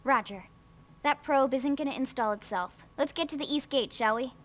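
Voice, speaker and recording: An actor playing an eager, brash young squad member who is itching for action. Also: male voice, very high voice, moderate pace, fairly bright tone. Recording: game audio with faint music.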